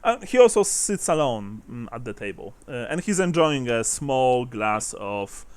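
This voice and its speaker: A man runs a tabletop role-playing game as game master, his voice clear and smooth. He narrates loosely, with restarts, laughs and the odd swear. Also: medium pitch, big pitch swings, dry recording. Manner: halting, laughing, swears casually.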